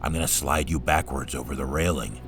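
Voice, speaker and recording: A man's voice: rumbling low, fairly quick, over music. A man reading aloud, voicing a reckless, playful young man who talks in a sly, coaxing way.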